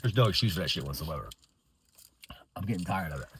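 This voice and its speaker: A man's voice: low voice, animated, fast talker, a bit bright, slight background noise. A man in his thirties ranting bitterly in a profane, rambling way with many restarts. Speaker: veteran vlogger. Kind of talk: angry unscripted rant.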